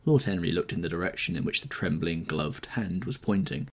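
A man narrating a classic novel in a measured, expressive audiobook reading. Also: sits low, slightly rough. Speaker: audiobook reader.

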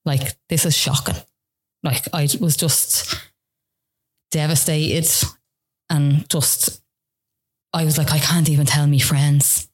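Woman, Irish accent, deep voice, chatty, rambling storyteller, lots of fillers. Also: flat delivery, slow, pauses often, breathy edge. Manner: rambling, frequent "like" fillers, retells dialogue. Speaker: guest. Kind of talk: casual interview storytelling.

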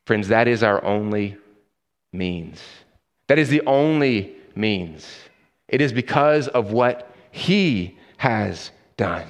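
A man's voice: fairly low pitch, expressive, slow, in a large hall. A man preaching a sermon as a pastor, shifting into storytelling and acting out the people in his stories.

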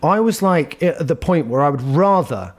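Animated storyteller, a man. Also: a little high, moderate pace. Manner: animated, anecdotal, laughs while telling stories. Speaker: guest comedian. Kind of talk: casual interview chat.

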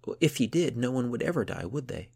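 A man's voice: medium pitch, expressive, fast talker, gravelly, darkish tone, breathy edge, voice pushed up. A man voicing a frightened young girl in a storybook, pleading with a catch in her voice. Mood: wondering.

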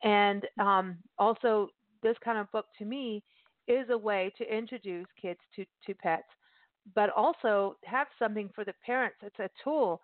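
A woman hosting a casual interview, lively and chatty. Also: medium pitch, normal speed, no echo. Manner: lively, chatty, laughs and puts on voices. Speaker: host. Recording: phone-like remote call audio.

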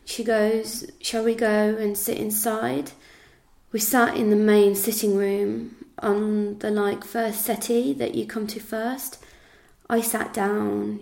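This English woman has a mid-range, somewhat dark voice. Speaking as an interviewee, she tells what happened from her own perspective, quoting others' words and leaning heavily on fillers.

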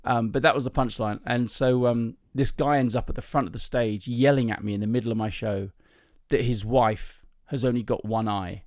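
A man's voice: mid-range voice, steady tone, moderate pace, few pauses, darkish tone, no room sound, clean studio sound. A male comedian hosting a podcast, telling chatty, self-mocking anecdotes in a casual voice with plenty of ums and restarts. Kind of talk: casual storytelling chat.

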